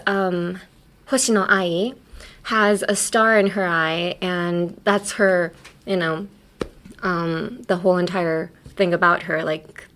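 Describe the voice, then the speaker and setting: A woman's voice: on the low side, a bit bright. A woman hosting a podcast, teaching English pronunciation in a casual, playful way and laughing often. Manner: playful, laughs often, explains with silly examples.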